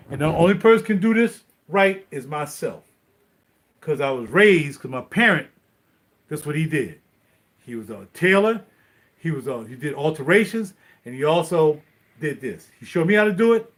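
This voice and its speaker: A man's voice: fairly high pitch, lively intonation, normal speed, fairly bright tone. A middle-aged man, rambling in casual live-stream chat straight to his viewers while ironing. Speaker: vlogger.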